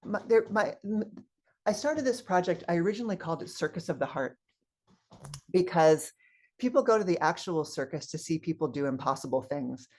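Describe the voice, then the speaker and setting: A woman's voice: fairly low pitch, fairly quick. A woman guest minister giving a sermon, telling personal stories and acting out the voices of people in them. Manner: animated storyteller acting out quoted voices. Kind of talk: sermon with storytelling.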